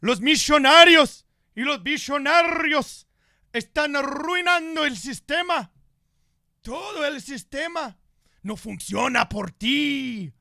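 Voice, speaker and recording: A man doing a fiery, high-pitched old politician ranting. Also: unhurried, gravelly, sharp tone, dry recording, clean studio sound, heavily acted. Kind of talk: mock impression for laughs.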